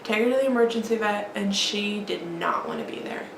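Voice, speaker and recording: A woman vlogger telling an emotional personal story in a halting, grieving way. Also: medium pitch, creaky. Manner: halting, grieving, many restarts and fillers. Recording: echoey room with faint background noise.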